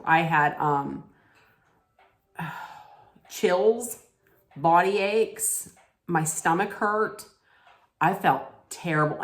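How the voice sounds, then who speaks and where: A middle-aged woman chats casually, unhurried and full of fillers and restarts. Her voice sits a little low. The sound rings back from the room she's in. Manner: rambling, many fillers and restarts. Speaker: vlogger. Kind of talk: casual storytelling chat. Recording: echoey room.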